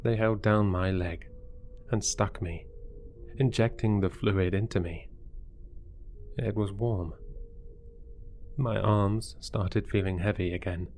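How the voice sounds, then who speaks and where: A man narrating a first-person horror story in a deliberate, brooding way. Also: lowish voice, a little mellow, a little hiss or hum.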